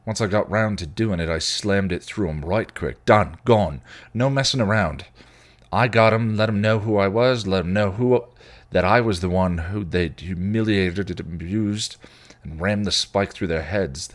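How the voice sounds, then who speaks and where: A man's voice: deep voice, moderate pace, close to an everyday voice. A man voicing a volatile, bitter male vampire who rants and snarls. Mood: snarling. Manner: snarling, ranting.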